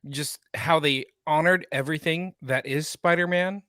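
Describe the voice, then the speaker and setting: A man's voice: a little high, normal speed, pushed and bright, no echo, clean studio sound. Chatty, enthusiastic podcast co-host man. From Sacramento area. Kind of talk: casual pop-culture chat.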